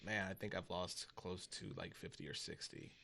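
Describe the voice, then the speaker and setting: A man's voice: deep voice, steady tone, moderate pace, gravelly, bright, forceful tone. A man hosting a casual interview, talking loosely and filling his speech with "like". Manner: loose, filler-heavy talk with frequent "like". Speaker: interview host.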